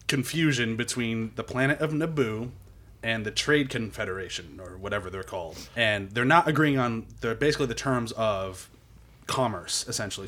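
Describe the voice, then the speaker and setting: A man recapping a film in casual chat, animated and swearing, acting out quotes in goofy voices. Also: medium pitch.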